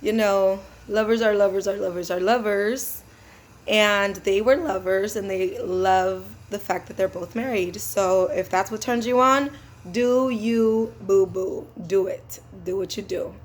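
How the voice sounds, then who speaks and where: A woman's voice: mid-range voice, fairly even intonation, unhurried. A woman who drives for a rideshare service, telling a casual storytime vlog in a laid-back, slangy, chatty way.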